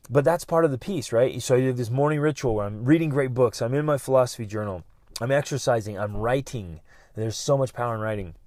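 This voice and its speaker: A man's voice: on the low side, darkish tone, dry recording, clean studio sound. A middle-aged man hosting a motivational podcast, talking earnestly and often restarting his sentences. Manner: earnest, repeats words, many restarts. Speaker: podcast host.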